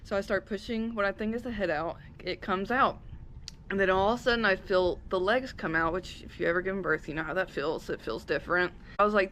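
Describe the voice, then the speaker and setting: A young woman recounts her story in a casual vlog, animated and quick to act out what everyone said. Her voice sits at an ordinary middle pitch, with a faint hiss of background noise behind her. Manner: animated retelling, acts out her own yells and quotes. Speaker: homesteading vlogger telling her birth story.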